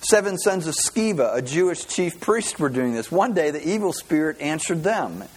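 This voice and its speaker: A male pastor preaching a sermon, telling Bible stories in an animated way and often stringing thoughts together with "and". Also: a little high, moderate pace, few pauses, breathy edge. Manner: animated, storytelling, with many repeated "and"s.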